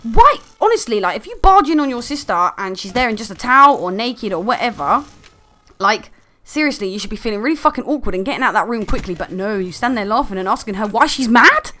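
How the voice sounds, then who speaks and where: A woman's voice: fairly high pitch, sing-song, quick pace, pushed and bright, a little hiss or hum. Swearing, sarcastic woman ranting. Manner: angry, sarcastic, heavy swearing. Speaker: video commentator. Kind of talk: profane ranting commentary.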